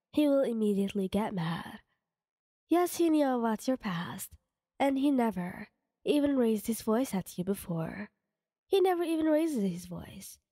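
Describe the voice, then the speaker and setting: A woman reading her own fan story aloud in a soft, half-whispered voice. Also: a little high, breathy edge, no room sound, studio quality, in a large hall.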